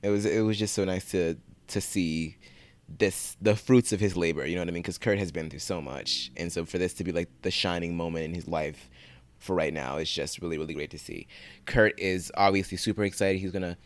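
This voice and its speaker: A man co-hosting a casual TV recap chat, animated and acting out characters' lines. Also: low-pitched, fairly quick. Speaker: podcast co-host recapping a TV episode.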